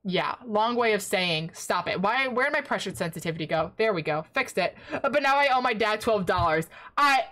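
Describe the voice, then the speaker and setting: A woman streamer chatting casually while drawing, excitable and prone to yelling in playful protest, her voice sore and raspy from long yelling. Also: medium pitch, brisk, hardly any pauses.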